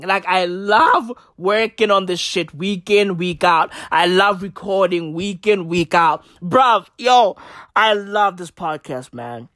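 A high, bright-voiced man hosts a podcast in a loose, ranting style, excitable and profane and looping back on the same lines. He talks slowly and deliberately between bursts of laughter, and the sound is dry and close. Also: no echo. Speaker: podcast host. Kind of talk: ranting casual commentary.

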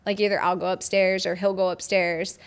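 Young woman host, frank and loose-tongued, quick to laugh. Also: fairly low pitch, level tone. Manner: candid, swears freely, laughs often. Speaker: podcast host. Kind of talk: casual chat.

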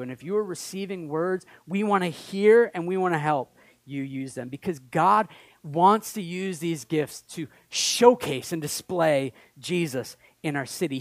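A pastor giving a sermon in a casual, conversational way, acting out little dialogues and moving between quiet reflection and loud enthusiasm. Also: male voice, a little high, dry recording. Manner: conversational, acts out quoted dialogue, swings between soft and loud.

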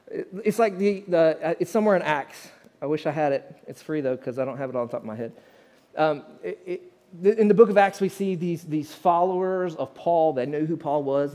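Pastor preaching a sermon, male, higher-pitched voice, loose and conversational with the congregation. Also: normal speed, warm tone.

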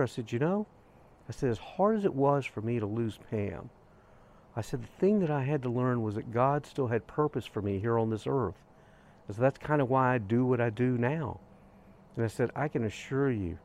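Older man, vlog host, earnest and gentle storyteller, mid-pitched voice, reflective pacing. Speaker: grief podcast host. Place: outdoors on a hiking trail.

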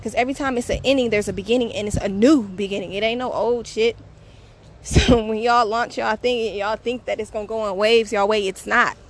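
Woman host, fiery casual monologue, slightly high voice. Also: steady tone, fairly quick. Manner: blunt, profane, emphatic, laughs often. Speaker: podcast host.

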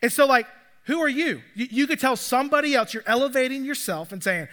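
A high-voiced pastor preaches to his church. His tone is bright and forward. He keeps it conversational and confessional and asks the congregation questions. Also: brisk. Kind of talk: sermon. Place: church sanctuary.

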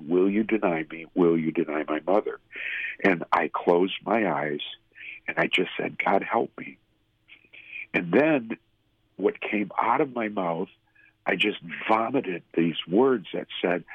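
A middle-aged man, a radio personality, telling a personal faith story in a halting, heartfelt way. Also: low voice, husky, dry recording, narrow, tinny audio. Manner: halting storytelling with restarts, emotional. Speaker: guest, former radio host. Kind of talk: personal testimony in an interview.

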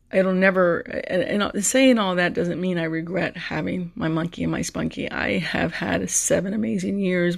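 Speaking into a podcast mic, this host gives an emotional, personal solo monologue in a gravelly, middle-pitched voice edged with fry. Repeated words and restarts come up often.

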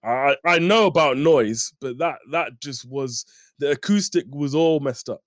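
A man's voice: medium pitch, unhurried, very noisy. A man co-hosting a casual chat, laid-back and blunt, often restarting his sentences. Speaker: podcast co-host. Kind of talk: casual chat about wrestling.

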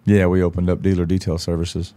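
This male podcast guest, a country singer, swaps stories casually, speaking bluntly with profanity and voicing the dialogue he quotes. He talks fast in a low, dark voice with a level tone.

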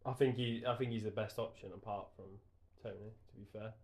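A man's voice: fairly low pitch, fairly even intonation, brisk, vocal fry. A man from England co-hosting a podcast, laid-back in casual football talk, giving short replies and laughing easily. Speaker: podcast co-host.

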